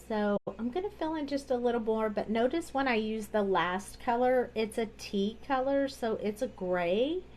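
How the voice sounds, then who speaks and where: A woman's voice: medium pitch, a little mellow, slight background noise. A woman hosting a live card-making tutorial, chatting casually as she talks through each coloring step at her craft desk.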